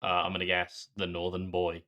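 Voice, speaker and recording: A man's voice: low-pitched, completely flat delivery, a little fast, bright, forceful tone. A British man co-hosting a podcast in casual chat, with laconic, dry reactions. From Britain. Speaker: podcast co-host.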